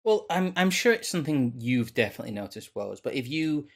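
Man of middle pitch, hesitant, repeats words; co-host. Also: very animated, a little fast, gravelly. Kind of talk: casual discussion.

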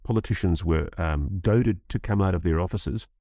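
A man's voice: deep voice, normal speed, warm tone, no echo, studio quality. A man speaking as a guest in an interview, impassioned and emphatic, often restarting phrases as he builds his point. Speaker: guest commentator. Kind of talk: animated interview talk.

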